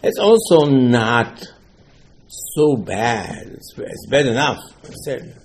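A man giving a Torah lesson, animated, acting out dialogue with rhetorical questions and mixing Hebrew terms into English. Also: mid-range voice, slow pace, a little hiss or hum. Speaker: Torah teacher. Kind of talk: Torah lesson on the weekly portion.

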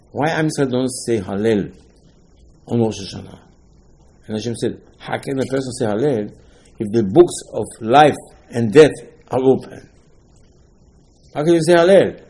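A man with giving an informal Torah lecture, rising to emphatic questions and dropping low again. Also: dark tone, poor audio. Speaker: rabbi giving a talk.

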